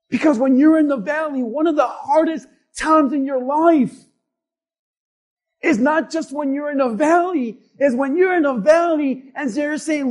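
A male preacher with a strikingly high voice delivers a fiery sermon. He drops to near-quiet, then builds to shouted peaks. He keeps pressing the room with rhetorical questions. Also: measured pace. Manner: impassioned, emphatic, swings between quiet and shouting, rhetorical questions.

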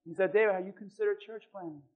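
High-voiced pastor preaching with animated stories. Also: male voice, fast talker, phone-quality sound. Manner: animated storytelling, acting out quoted voices. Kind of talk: sermon. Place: church.

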